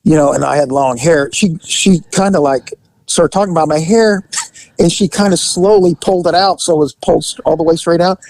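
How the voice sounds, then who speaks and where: Casting: a gravelly-voiced man in dry close-mic sound, with a lively swooping delivery and loose, profane storytelling. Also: on the high side, a little fast, no echo, poor audio. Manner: animated, laughing, profane, acts out voices. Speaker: storyteller recounting undercover work. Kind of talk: casual conversational storytelling.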